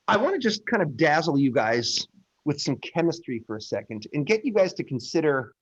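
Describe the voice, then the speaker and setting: A man's voice: a little high, husky. A man lecturing on astronomy in an online class, informal and jokey, explaining step by step. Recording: dull lo-fi audio.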